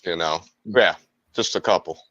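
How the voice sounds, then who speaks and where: A man's voice: low-pitched, moderate pace, fairly bright tone, no echo, dull audio. A man from Long Island with a New York accent, hosting a casual video-call chat and telling profane, jokey stories. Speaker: host.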